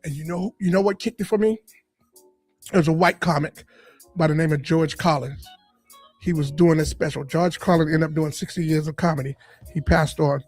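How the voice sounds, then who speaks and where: A man from Boston, a comedian and radio guest, telling lively stories in a casual interview. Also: on the high side, normal speed, soft background music. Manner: animated storyteller, lively and full of punchlines.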